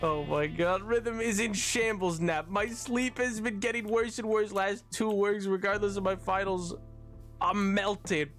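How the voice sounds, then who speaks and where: A male streamer chats with his viewers in a high, bright voice, laughing easily and staying animated as he goes. Faint music plays underneath his talk. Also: measured pace. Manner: giggly, animated, breaks into laughter often. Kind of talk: casual live-stream chat, reading chat messages.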